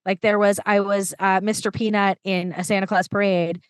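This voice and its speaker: A woman talking as a guest on a podcast, eager and animated, jumping between asides. Her voice sits in a middle range. The sound is dry and close, with no room around it. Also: mid-range voice, clean tone, no room sound. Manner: animated, enthusiastic, quick asides. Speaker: storytelling coach, podcast guest. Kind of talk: casual conversation.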